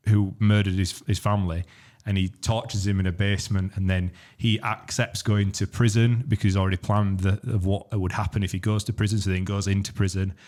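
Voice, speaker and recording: A man with a fairly low voice talks through a film plot on a podcast. He rambles, restarts his sentences and swears freely, in a loose, casual chat. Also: a little mellow. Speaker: podcast host.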